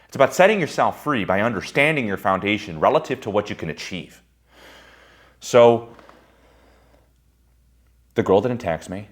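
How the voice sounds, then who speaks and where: A man with a very low voice tells candid personal stories about himself. He is blunt and swears freely. He swings from loud outbursts to quiet, reflective asides. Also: expressive, normal speed, pauses often. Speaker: speaker giving a personal-growth monologue. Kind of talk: candid storytelling monologue.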